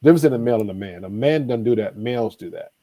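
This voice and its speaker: A man's voice: medium pitch, expressive, racing, dark tone, no echo. A man, a life coach, telling stories with emphatic repetition and acted-out dialogue in a preacherly manner. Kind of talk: animated storytelling advice.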